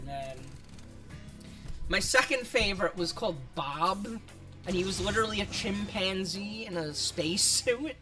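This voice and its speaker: Casual game-stream chatter comes from a streamer whose mid-range voice has a sharp edge. Rambling and often profane, they laugh plenty and seem self-aware about their voice.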